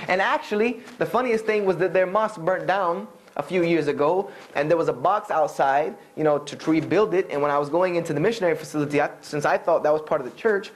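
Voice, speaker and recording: Lively man telling a funny story. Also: on the high side, fast, hardly any pauses. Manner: animated, acts out the people he quotes. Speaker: Islamic speaker telling his conversion story. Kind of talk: humorous storytelling talk.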